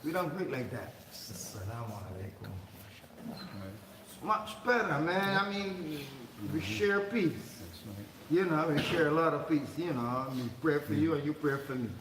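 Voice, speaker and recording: A man's voice: fairly high pitch, expressive, unhurried. Chatty man teaching in an echoey mosque. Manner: chatty, laughs often, repeats words. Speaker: religious teacher. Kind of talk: informal Quran commentary class. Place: mosque hall. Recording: echoey hall, far mic, noisy.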